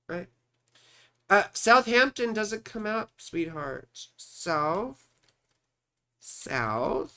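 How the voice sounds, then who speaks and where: A man in his forties with a high, bright voice, hosting a casual live stream of astrology readings. He rambles and chats, mutters to himself as he looks things up, and talks to his viewers by name. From California. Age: 40s.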